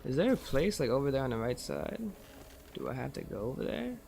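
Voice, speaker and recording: A young man streaming a video game, ranting and swearing in exasperation, swinging from low mutters to high yelps. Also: big pitch swings, fairly quick, vocal fry, noisy background. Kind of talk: live gameplay commentary. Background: game music.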